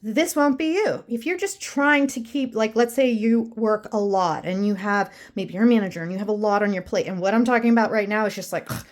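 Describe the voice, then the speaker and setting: A woman's voice: medium pitch, fairly quick, few pauses. A young adult woman vlogging casually to her viewers, rambling and emotional as she drifts between topics. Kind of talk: casual chat to camera.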